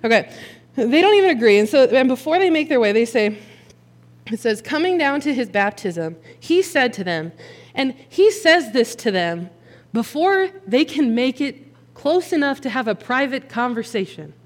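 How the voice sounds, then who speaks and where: A woman preaching a sermon in an animated, joking, conversational way. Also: high voice, normal speed. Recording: long hall reverb.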